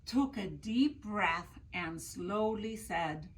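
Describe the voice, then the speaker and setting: Slow, expressive woman storyteller. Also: medium pitch, low-quality recording. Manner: expressive, slow, asks listeners questions. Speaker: library storyteller. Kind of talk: reading a picture book aloud to children.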